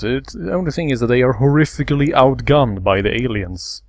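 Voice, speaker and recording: A man of ordinary pitch hosts a let's play of a strategy game. He talks through each move and explains the mechanics step by step in a casual commentary tone. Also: a little fast, no echo.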